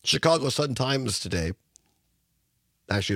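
A male radio talk show host with a rough, husky voice from a sinus infection, chatting casually and reading a news story aloud. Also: on the low side, animated, fairly quick, fairly bright tone, no room sound, clean studio sound. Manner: rambling, chatty, reads news stories aloud. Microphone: studio microphone.

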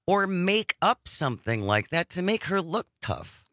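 A man's voice: sits high, very animated, a little slow, fairly bright tone, no echo. A man hosting a radio talk show in casual banter, reading news items aloud on a studio mic.

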